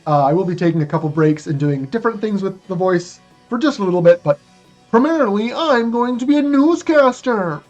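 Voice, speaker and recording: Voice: medium pitch, animated, brisk, a little mellow, lo-fi sound, faint music behind. A speedrunner introducing a game run in casual commentary, talking in a rambling, chatty way with many fillers.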